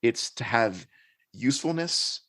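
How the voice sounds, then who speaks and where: A man's voice: medium pitch, lively intonation, unhurried, pushed and bright. A man talking as a podcast guest, earnestly recounting his experiences in a reflective, conversational way. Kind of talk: conversational storytelling.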